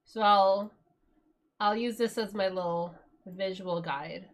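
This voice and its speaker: A woman's voice: medium pitch, fairly even intonation, slow. A woman from Britain chatting casually on a live music stream, giggly and full of fillers.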